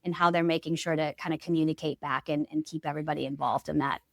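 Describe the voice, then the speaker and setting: A woman's voice: low voice, steady tone, quick pace, gravelly, dry recording, studio quality. A woman speaking as a guest expert in a podcast interview, upbeat and fluent, laughing easily.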